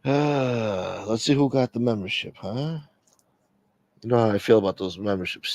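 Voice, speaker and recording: A man hosts a late-night livestream in loose, unscripted chat. His voice sits at an ordinary middle pitch, and his talk is blunt, profane and streetwise. The sound is dry and close, with no room echo. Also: normal speed, darkish tone. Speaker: livestream host.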